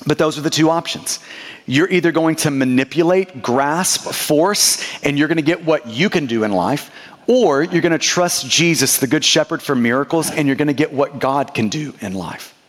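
A male pastor with a high, light voice delivers an earnest sermon, putting questions straight to his listeners and stumbling over repeated words. His voice rings with the long reverb of a church hall. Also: lively intonation, moderate pace.

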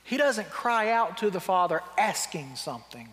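A man pastor delivers a sermon with a notably high voice, paraphrasing scripture in plain, wry everyday speech. He leans hard on key points, then sinks into quiet reflection. The sound carries a long reverb, as in a large church hall. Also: very animated, moderate pace. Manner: wry and emphatic, dropping to quiet reflective tones.

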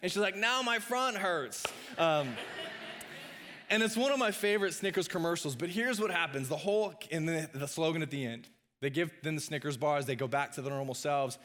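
Conversational male pastor, fairly high voice. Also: fast, a bit bright. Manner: conversational, with frequent uh fillers and asides. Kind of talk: sermon.

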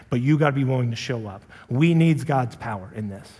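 A young adult man, a pastor, preaches an earnest, confessional sermon that rises to impassioned shouting as he recounts his anger. His mid-range voice has a breathy edge, moves a little fast with few pauses, and rings with long reverb in a large hall.

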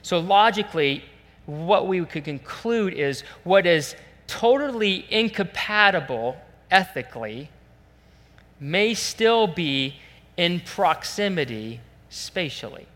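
A man preaching a sermon as pastor, animated and acting out the voices he quotes. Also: high-pitched, slow. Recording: long church hall reverb.

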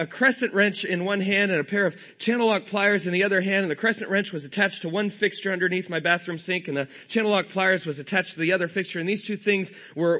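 A man's voice: high-pitched, pushed and bright. A man in his thirties from California preaching a sermon, telling a humorous self-deprecating family story. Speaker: pastor.

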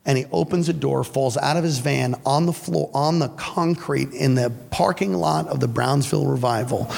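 Gravelly preacher man in an echoey hall. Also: mid-range voice, normal speed, few pauses. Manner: animated, playful, folksy, acts out stories. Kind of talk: lively storytelling sermon. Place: church before a congregation. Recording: echoey church hall with faint ambience.

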